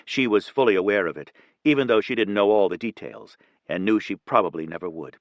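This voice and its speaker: A man narrating an audiobook in a steady, even reading. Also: lowish voice, brisk, dry recording, lo-fi sound. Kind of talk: scripted narration.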